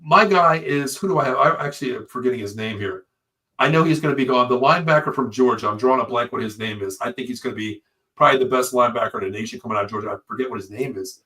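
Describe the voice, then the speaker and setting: A man co-hosting a casual live sports talk show, an excitable storyteller who swears freely. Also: mid-range voice, quick pace. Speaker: podcast co-host.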